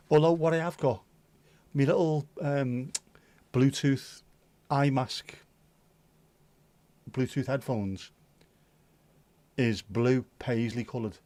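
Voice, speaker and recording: A man hosts a relaxed livestream, chatting and reading out viewer comments. He talks in a jokey, sweary, self-mocking way at a middle pitch. His voice sounds dry and close, as if recorded in a room at home. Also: no echo. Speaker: livestream host.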